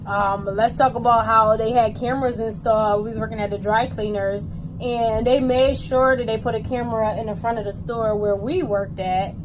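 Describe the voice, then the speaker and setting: A woman co-hosting a casual chat, talking in a relaxed way with frequent fillers. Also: on the high side, normal speed, noisy background. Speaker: co-host.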